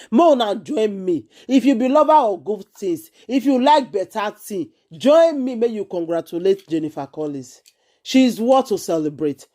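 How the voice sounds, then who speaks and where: A woman with a Nigerian accent, hosting an excited monologue to camera in an emphatic, repetitive, exclaiming way. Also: medium pitch. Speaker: vlogger host.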